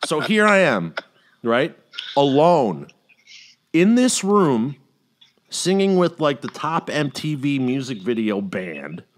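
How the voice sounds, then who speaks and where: A man's voice: mid-range voice, slow pace. A middle-aged man hosting a casual chat, telling a long story with lots of swearing and acting out other people's lines. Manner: animated storyteller who swears freely and acts out quotes. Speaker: podcast host.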